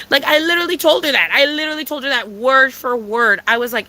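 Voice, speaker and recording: A young woman telling a profane, dramatic storytime rant, with a Mexican Spanish accent, jumping into high squeals when she quotes herself. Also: fast, hardly any pauses, bright, forceful tone, a little hiss or hum, rough recording. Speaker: vlogger.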